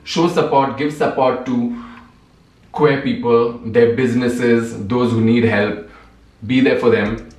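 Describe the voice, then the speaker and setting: A man's voice: medium pitch, fairly even intonation, takes it slowly, darkish tone, reverberant, distant mic, faint music behind, poor audio. Impassioned effeminate man, Indian accent. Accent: Indian-accented English. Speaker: vlogger. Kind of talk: get-ready-with-me vlog rant.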